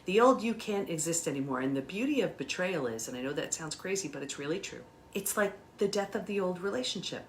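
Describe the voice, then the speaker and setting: A woman's voice: on the low side, animated, brisk, few pauses, a little hiss or hum. A middle-aged woman speaking as an interview guest, explaining emphatically and animatedly while gesturing as she talks. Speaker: guest expert on betrayal recovery.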